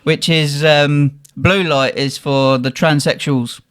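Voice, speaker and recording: A man's voice: on the high side, fairly even intonation, slow, a bit bright, clear, resonant tone. A man, hosting a casual podcast and telling a story with laughter and acted-out quotes. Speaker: podcast host.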